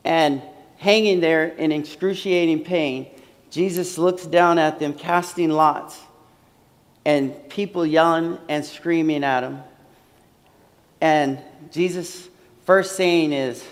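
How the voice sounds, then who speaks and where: A man's voice: high-pitched, measured pace. A man preaching a sermon earnestly, repeating phrases and using many fillers, in a large hall. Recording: long hall reverb.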